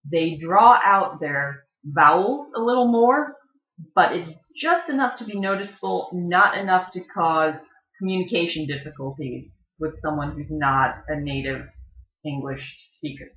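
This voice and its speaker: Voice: medium pitch, unhurried. A speaker giving a casual educational explanation, thinking aloud with frequent ums and uhs. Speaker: online explainer. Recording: echoey room, slightly dull lo-fi sound.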